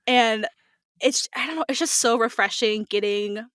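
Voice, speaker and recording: A woman voice actor chatting as a podcast guest, lively, playing out quoted voices and laughing often. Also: on the high side, normal speed, no echo, studio quality. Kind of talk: casual podcast interview.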